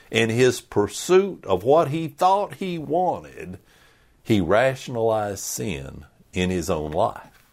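A male pastor delivering a sermon at a slow, deliberate pace. His voice sits a little low, and he leans hard on key words, sometimes sinking to a near-whisper for effect. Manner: slow, emphatic preaching with dramatic drops to a hush.

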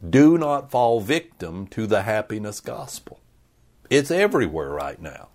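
A man preaching a sermon to his church, slow and emphatic, sometimes dropping to a hush. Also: on the low side, sing-song. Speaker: pastor.

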